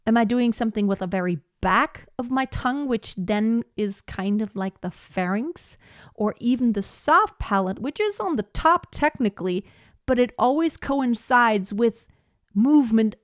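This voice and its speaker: A woman's voice: on the high side, expressive, normal speed, no echo, clean studio sound. A woman vocal coach teaching a live online singing lesson, chatting loosely with many fillers and demonstrating sounds. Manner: chatty, rambling, many "like" and "you know" fillers; demonstrates sounds with her own voice.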